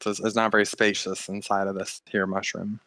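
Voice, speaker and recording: A man as game master, narrating a tabletop game in a halting way with many fillers. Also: on the low side, flat delivery, pushed and bright, no room sound.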